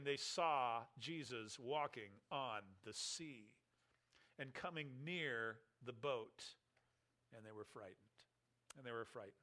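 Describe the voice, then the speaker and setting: Brief: male pastor, expressive sermon delivery, bright tone. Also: on the high side. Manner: expressive preaching, rises loud and drops quiet for emphasis; reads scripture aloud slowly and deliberately.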